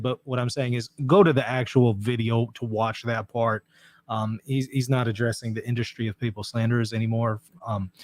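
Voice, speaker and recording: A man's voice: medium pitch, a little mellow, no echo. A man hosting a podcast, talking casually and earnestly about clips he is reviewing, with frequent fillers and restarts. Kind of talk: casual commentary.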